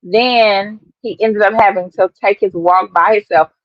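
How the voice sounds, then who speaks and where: A woman's voice: mid-range voice, fairly even intonation, measured pace, no room sound, highs cut off. A woman fighting back tears as she talks earnestly to her viewers, calling them y'all. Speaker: vlogger reacting to a clip. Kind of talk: emotional commentary to viewers.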